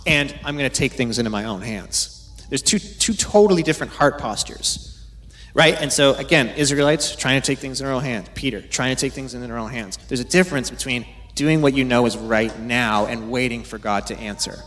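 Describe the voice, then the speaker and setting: A man's voice: mid-range voice, fairly quick, a bit bright. A man preaching a casual, conversational sermon, teaching from the Bible and acting out quoted voices now and then.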